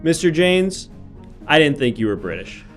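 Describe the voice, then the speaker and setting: Very animated at a normal pace, a man with a somewhat high voice hosts an improv comedy livestream as a mock-formal judge over soft music, thanking viewers and grilling defendants.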